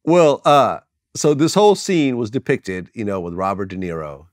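A man's voice: fairly low pitch, expressive, moderate pace, no echo, studio quality. A man interviewing a guest, with short, agreeable prompts and questions.

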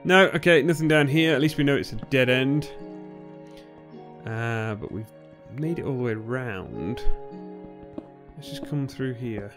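A man's voice: medium pitch, unhurried, long pauses, music in the background. Jumpy young man gaming. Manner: jumpy, nervous, bursts into excited shouts. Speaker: gaming YouTuber. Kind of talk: Let's Play commentary.

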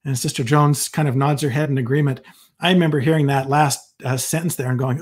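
A man's voice: medium pitch, steady tone, brisk. A man, a psychologist, giving an earnest, enthusiastic devotional fireside talk with casual asides and a personal testimony.

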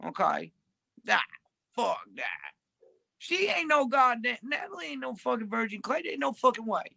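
A woman's voice: a little high, very animated, moderate pace, creaky, bright, forceful tone, dry recording. A woman livestreaming, talking in a crude, profane, drawling ramble.

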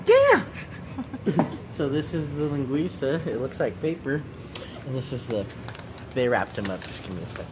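A man's voice: medium pitch, fairly quick. A man casually vlogging outdoors at a small food stand, chatty and joking as he films with a handheld phone. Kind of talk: casual vlog narration. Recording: outdoor traffic noise.

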